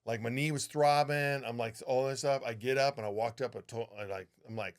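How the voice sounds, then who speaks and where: Man, podcast co-host, casual storytelling, animated, profane, mid-range voice. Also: medium pitch, fairly quick, few pauses. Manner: animated, profane, acts out what people said. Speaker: podcast co-host, flight attendant.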